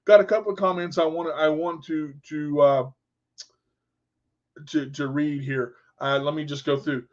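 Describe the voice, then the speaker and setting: A man's voice: on the high side, steady tone, moderate pace, darkish tone, lo-fi sound. A man hosting a radio show, giving an earnest, rambling motivational monologue with repeated words.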